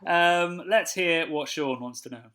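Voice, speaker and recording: A man co-hosting a podcast, chatting in a relaxed, jokey way and laughing easily. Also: fairly high pitch, measured pace. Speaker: podcast co-host. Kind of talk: casual chat.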